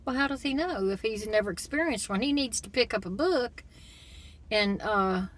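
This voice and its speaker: A woman's voice: fairly high pitch, lively intonation, moderate pace, fairly bright tone. A woman in a casual vlog monologue, retelling a story and giving blunt, critical opinions. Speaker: commentator.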